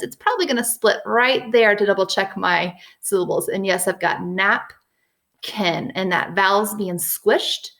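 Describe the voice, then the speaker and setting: A woman teaching young children a phonics lesson, patient and encouraging, slowly sounding out letters and words. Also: medium pitch. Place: at home with a whiteboard.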